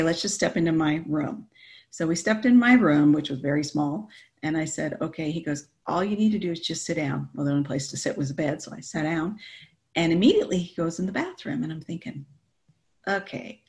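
A middle-aged woman telling a personal faith story in a lively, animated way, often laughing. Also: deep voice. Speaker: guest telling her story. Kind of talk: personal testimony chat.

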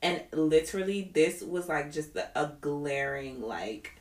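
A woman's voice: low voice, unhurried, roomy sound, soft background music. A woman co-hosting a podcast, chatting casually and with strong opinions. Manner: animated, opinionated, quotes others. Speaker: podcast co-host. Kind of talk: casual chat.

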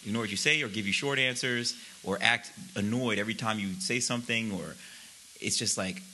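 A man's voice: lowish voice, brisk, pushed and bright, slight background noise, rough recording. A man co-hosting a casual podcast chat, blunt and profane, teasing his friend. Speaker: podcast co-host.

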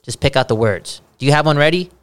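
A man's voice: a little high, fast. Joking, swearing young man podcaster. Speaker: podcast co-host. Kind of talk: casual podcast banter.

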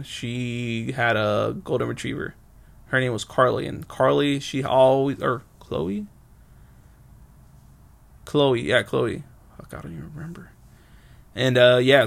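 A man's voice: mid-range voice, creaky. A young man hosting a podcast, telling loose, rambling stories in casual chat, swearing freely and correcting himself often. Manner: rambling, loose and profane, many fillers and self-corrections. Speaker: podcast host. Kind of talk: casual solo storytelling.

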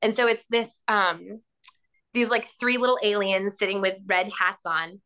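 A woman hosting a podcast, talking in a rambling, animated way with many fillers and frequent laughs. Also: medium pitch, a little slow. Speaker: podcast host. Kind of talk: casual chat.

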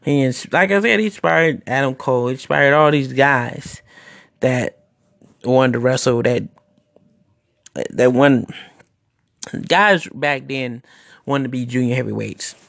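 A man talking through a casual podcast monologue in a gravelly, mid-pitched voice. He rambles and keeps restarting his sentences while sharing his opinions. The sound is dry and close, with no room to it. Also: slow pace, long pauses, a bit bright, no echo. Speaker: podcast host and wrestler.

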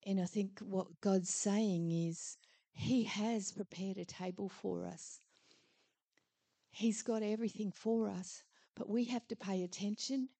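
A woman preaching very slowly with a mellow, lower voice. She tells of a dream in a reflective way. The sound is close and dry. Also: steady tone, dry recording. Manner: slow, reflective storytelling. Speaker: conference speaker. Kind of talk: sermon.

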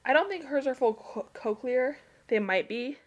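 A woman's voice: sits high, animated, moderate pace, lo-fi sound. A woman co-hosting a casual podcast chat, telling family stories with laughter and acted-out quotes. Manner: laughing, storytelling, acts out quotes.

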